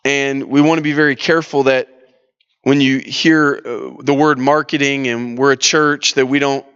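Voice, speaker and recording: A man's voice: mid-range voice, level tone, normal speed, fairly bright tone, clean tone, highs cut off. A man leading a church leadership workshop, talking in a casual, storytelling way with lots of restarts and fillers. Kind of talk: conversational teaching session.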